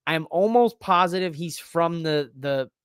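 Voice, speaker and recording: A man hosting a podcast alone, talking in an excitable, rambling way that swears freely. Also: on the high side, measured pace, clean tone, dry recording, studio quality. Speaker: podcast host. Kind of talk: casual solo wrestling recap.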